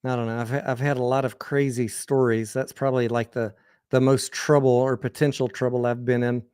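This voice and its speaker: A man's voice: mid-range voice, flat delivery, a little fast, darkish tone, clear, resonant tone, no echo, clean studio sound. A man with an American accent hosting a livestream, telling crude, rambling personal anecdotes in a candid, casual way with frequent restarts. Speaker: host.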